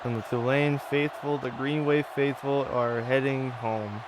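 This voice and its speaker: A man casually commentating his own football video game run, offhand and swearing, with sudden excited outbursts. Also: mid-range voice, a little slow, background noise. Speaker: gaming channel host. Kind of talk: casual let's-play commentary.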